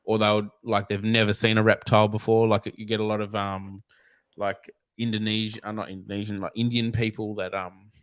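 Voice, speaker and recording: A man's voice: fairly low pitch, little pitch movement, a little fast, no echo. An Australian man, a snake catcher guest, telling blunt, profane, rambling stories in a casual interview.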